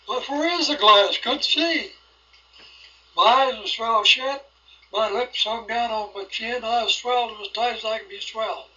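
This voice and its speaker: Older man, high bright voice, rambling folksy storyteller, rural speech, muffled 1980s cassette tape. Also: normal speed. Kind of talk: recorded oral history.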